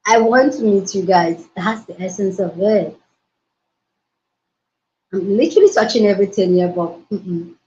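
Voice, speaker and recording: A woman hosting a casual livestream from her mobile phone, hyper, excitable and loud as she greets her viewers. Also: mid-range voice, unhurried, long pauses, slight background noise. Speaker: livestream host. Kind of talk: casual live-stream chat. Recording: roomy, dull lo-fi phone audio.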